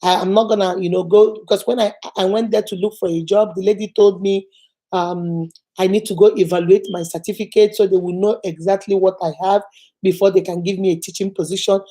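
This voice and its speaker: A woman's voice: mid-range voice, steady tone, fairly quick, mellow. A middle-aged Nigerian woman, a native Igbo speaker with a Nigerian accent, giving an earnest motivational talk to camera and telling stories, repeating phrases for emphasis. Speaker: vlogger.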